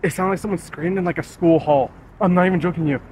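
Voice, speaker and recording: A young man with a slightly high voice, rambling and jumpy, swearing as he describes what he hears. He is recorded outdoors at night, with faint traffic noise around him. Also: fast talker. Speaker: ghost-hunting vlogger. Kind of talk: casual paranormal investigation chat. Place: outdoors at night near a school.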